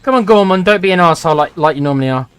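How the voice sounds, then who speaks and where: A man's voice: fairly high pitch, animated, racing, clean tone, faint music behind. A man in his forties commenting on his own strategy game play, sarcastic and grumbling at the game. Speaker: gaming channel host.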